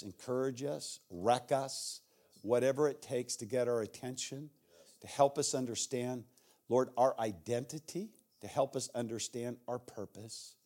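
A guest pastor with an American accent preaching a sermon. He acts out shouted voices from the story and drops to a hushed tone when he prays. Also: medium pitch.

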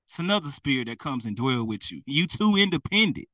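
A man's voice: mid-range voice, sing-song, fairly quick, sharp tone, dry recording, distant mic, low-quality recording. A man preaching a sermon, emphatic and repetitive, speaking straight to his listeners.

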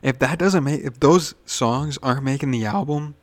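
A man's voice: mid-range voice, moderate pace, no room sound. A young man hosting a casual solo podcast, rambling with frequent swearing and restarts, a little nervous. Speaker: podcast host.

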